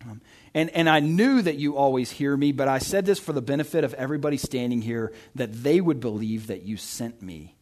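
A man's voice: mid-range voice, a little fast, a little mellow. A young man giving a casual, conversational sermon, reading scripture and often checking in with "right?". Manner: chatty, self-interrupting, often asks "right?". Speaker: pastor.

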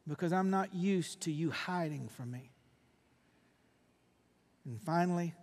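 Fiery preacher in a big hall. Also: male voice, on the high side, measured pace, pauses often. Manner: animated preaching that swings from loud bursts to quiet intensity. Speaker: pastor. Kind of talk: sermon.

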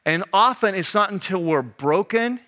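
A man preaching a sermon as a pastor, telling the story in a casual, animated way that drops to a hush for the serious moments. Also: sits high, moderate pace. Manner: conversational, animated storytelling with sudden hushed drops.

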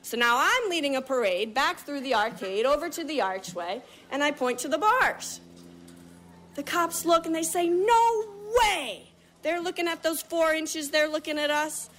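A woman performing a lively story for a live audience, telling it vividly and acting out moments as she goes. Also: sits high, moderate pace. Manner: animated, vivid, acts out other people's lines.

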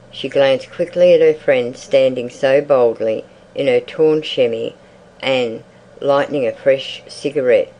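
Steady reader doing a literary short story aloud, middle pitch, unhurried. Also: low-quality recording. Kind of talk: audiobook narration of a short story.

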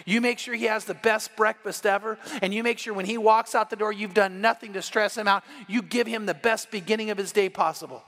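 A man's voice: sits high, steady tone, fairly quick, few pauses, fairly bright tone, long reverb tail. A man preaching an evening sermon, retelling a story and acting out the lines of each person in it. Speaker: pastor.

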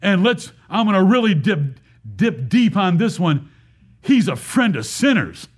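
Pastor guy preaching hard, kinda high voice, repeats himself, lots of rhetorical questions. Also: sing-song, a little slow, husky. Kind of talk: sermon.

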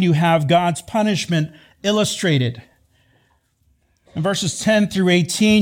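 A man preaching a sermon in a measured, emphatic way, repeating key phrases for weight. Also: sits high. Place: church sanctuary.

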